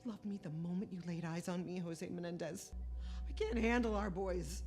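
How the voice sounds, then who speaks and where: An actress playing a despairing, desperate middle-aged wife, pleading and raw. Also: female voice, on the low side, moderate pace, darkish tone, soft background music, close to an everyday voice.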